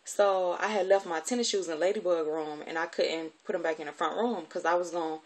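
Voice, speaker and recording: A woman's voice: on the low side, fairly even intonation, brisk. A woman telling a personal story from her childhood in a candid, conversational way, with plenty of profanity.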